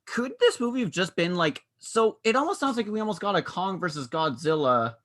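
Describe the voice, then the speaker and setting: A man with a bright, forceful, slightly high voice, talking loosely on a movie podcast. He rambles, backtracks and now and then acts out a line for a laugh. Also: big pitch swings, brisk. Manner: rambling, puts on silly voices and yells for jokes. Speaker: podcast co-host. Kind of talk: casual movie chat.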